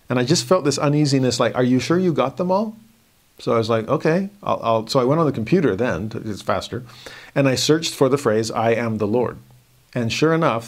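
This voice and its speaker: A man's voice: medium pitch, vocal fry. A man, a religion teacher, giving a personal devotional talk and acting out his own inner dialogue as he tells the story.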